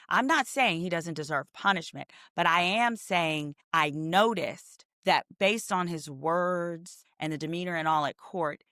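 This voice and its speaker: Animated woman telling a story, dry sound. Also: low voice, dry recording. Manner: animated storyteller, acts out quotes. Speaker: attorney, guest. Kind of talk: casual podcast interview.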